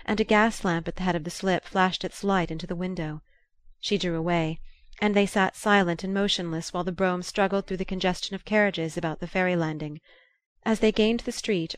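A woman narrating a novel as an audiobook in a measured, even reading. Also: on the low side, no room sound, studio quality.

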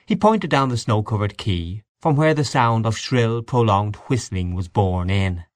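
A man narrating a classic story in a measured, expressive reading. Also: on the low side, no echo.

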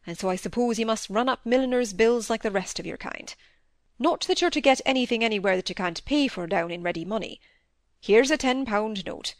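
A woman reading the part of a middle-aged male country doctor, a gruff but fond father who speaks gravely and with a little impatience. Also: fairly high pitch, no room sound, clean studio sound, close to an everyday voice. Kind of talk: audiobook dialogue reading.

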